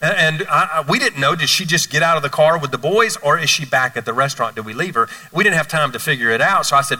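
A male pastor preaching a sermon from a church stage, telling stories in a lively, playful way. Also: a little high, quick pace, few pauses, far from the mic, low-quality recording.

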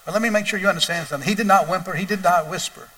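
A male pastor preaching a sermon, moving from quiet storytelling to loud, wailing emphasis. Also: high voice, rapid-fire, recorded from a distance.

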